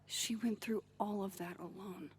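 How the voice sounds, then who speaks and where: An actress voicing a grieving young woman in a video game, speaking in a soft, subdued inner monologue. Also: mid-range voice, fairly even intonation, unhurried, a little hiss or hum, close to an everyday voice. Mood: shaken. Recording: game audio with music underneath.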